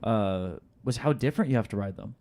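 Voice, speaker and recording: A man's voice: on the low side, expressive, a little mellow, a little hiss or hum. Dry-humored male co-host reading questions. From Alaska. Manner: dry joking, reads lists haltingly. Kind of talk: casual podcast chat.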